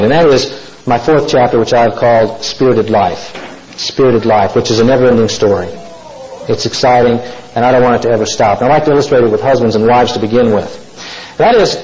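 A man's voice: medium pitch, darkish tone, muffled recording, slight background noise. A man preaching to a congregation, telling folksy stories and asking the listeners questions. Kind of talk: sermon.

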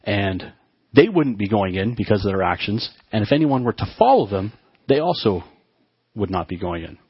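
A man preaching a sermon to his congregation, often halting and restarting his words as he talks. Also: fairly low pitch, very animated, breathy edge, no echo, highs cut off. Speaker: pastor.

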